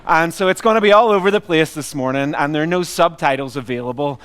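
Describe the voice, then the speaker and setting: Middle-aged Northern Irish preacher, mixed accent, clear resonant voice a touch high, self-deprecating humor. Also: male voice, fast talker, fairly bright tone. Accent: Northern Irish, mixed with Canadian and Australian. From Northern Ireland. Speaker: visiting pastor. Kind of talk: sermon.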